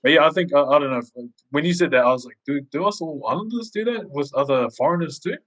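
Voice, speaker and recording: A man's voice: a little high, animated, fast talker, fairly bright tone. A man co-hosting a podcast, chatting casually and acting out quoted voices as he tells stories. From Samoan heritage. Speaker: podcast co-host. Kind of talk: casual chat.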